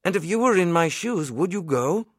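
A man reading the part of an earnest sixteen-year-old boy in an audiobook, asking excited, stammering questions. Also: on the high side, moderate pace, dry recording, studio quality, voice pushed up.

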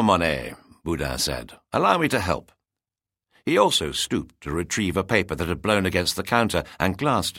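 A man narrating a storybook in an expressive, descriptive reading. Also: sits low, no echo, studio quality.

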